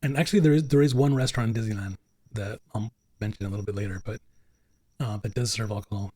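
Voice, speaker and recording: A man's voice: fairly low pitch, fast, darkish tone, slightly rough. A man hosting a podcast, chatting casually and rambling with lots of fillers and restarts. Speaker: podcast host. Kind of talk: casual chat.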